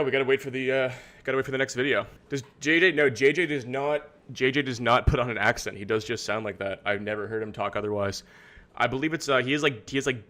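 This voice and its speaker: A man's voice: medium pitch, bright, forceful tone. A man hosting a livestream from his studio, talking in a rambling, exasperated way with plenty of swearing. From Canada. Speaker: streamer host. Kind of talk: casual livestream commentary.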